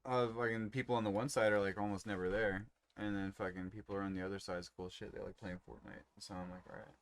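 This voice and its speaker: A man's voice: lowish voice, flat delivery, quick pace. A man chatting casually on a podcast, rambling loosely and swearing freely. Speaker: podcast co-host. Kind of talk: casual chat.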